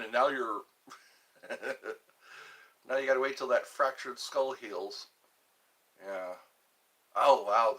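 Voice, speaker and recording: A man's voice: medium pitch, sharp tone. A man hosting his own live stream, rambling and joking between topics, greeting viewers and now and then breaking into mock cries.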